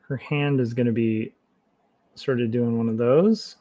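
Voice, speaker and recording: A man streaming while he draws comics, chatting casually and thinking aloud in a relaxed, self-mocking way. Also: medium pitch, a little slow. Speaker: comic artist streaming his work. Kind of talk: casual livestream commentary while drawing.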